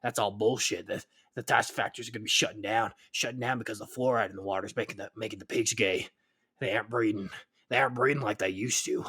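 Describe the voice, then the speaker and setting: A paranoid middle-aged conspiracy pundit, as a man puts him on, growling out a gruff, stammering rant in a deep, husky register. His words tumble out with urgent insistence. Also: steady tone, quick pace, bright, forceful tone, full character voice. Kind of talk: comic impression on a podcast.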